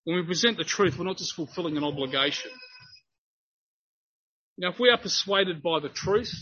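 A man's voice: high-pitched, lively intonation, normal speed, pushed and bright, husky, muffled recording. A man preaching a sermon, explaining a Bible passage in an earnest, emphatic way. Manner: earnest, grows emphatic when quoting.

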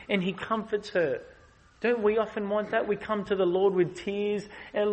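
A man preaching a sermon as a guest preacher, swinging between loud, passionate rises and soft, slow explanation. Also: high voice, steady tone, low-quality recording.

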